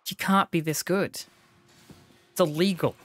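A streamer giving excitable, swearing livestream commentary, talking back to game figures. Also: medium pitch, unhurried, faint music behind.

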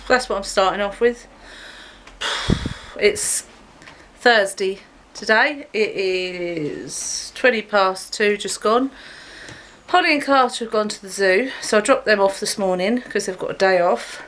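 A woman's voice: a little slow, fairly bright tone, a little hiss or hum. Chatty woman vlogging on a dog walk. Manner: chatty, rambling, talks to her dog in a high sing-song voice. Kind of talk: casual chat to camera. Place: outdoors walking a dog.

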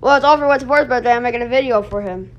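High-pitched, excitable gamer woman. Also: racing, highs cut off. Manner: excitable, yelling and laughing at failures. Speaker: gaming video host. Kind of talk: casual gameplay commentary.

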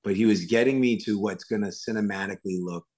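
A man's voice: fairly low pitch, fast talker, a little mellow. A man with a Worcester, Massachusetts accent, a guest actor and stuntman telling stories casually in an interview, acting out quotes with many fillers.

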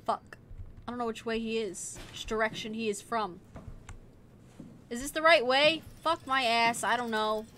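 A young woman streaming a horror game, swearing, muttering low and yelping in fright. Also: normal speed, a bit bright, a little hiss or hum. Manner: jumpy and profane, mutters low then yelps in fright. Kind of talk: casual let's-play commentary.

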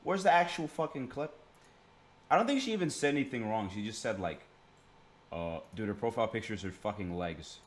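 Young man, streamer, swings his pitch up and down a lot, swears constantly, rambling reaction commentary. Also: animated, a little fast, a little hiss or hum.

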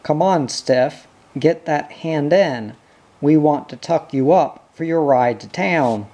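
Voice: medium pitch, takes it slowly, mellow. A reader voicing a chatty, blunt male ambulance bearer gossiping in a casual way. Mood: gossipy.

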